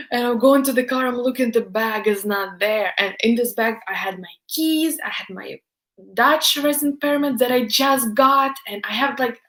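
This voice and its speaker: A young woman from Ukraine hosting a live stream, telling a story in casual chat with lots of fillers. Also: a little high. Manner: chatty storytelling, many fillers. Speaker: livestream host. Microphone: home livestream setup.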